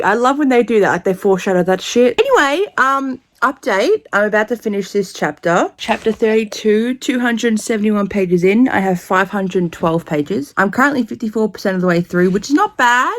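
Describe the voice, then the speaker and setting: A young woman vlogging about her reading, excitable and gushing, often swearing and laughing. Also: medium pitch. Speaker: book vlogger. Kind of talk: casual reading vlog to camera.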